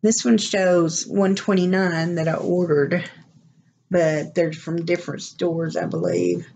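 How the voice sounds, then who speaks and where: A woman's voice: fairly low pitch, lively intonation, slow, gravelly, a little mellow, highs cut off, a little hiss or hum. A woman from Oklahoma with an Oklahoma accent, chatting casually and rambling through an unboxing vlog. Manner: chatty, rambling, laughs often. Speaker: vlogger.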